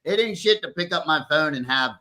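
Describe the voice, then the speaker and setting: A man's voice: fairly high pitch, animated, a little fast, crowd noise. A man in casual podcast chat who laughs easily and swears freely.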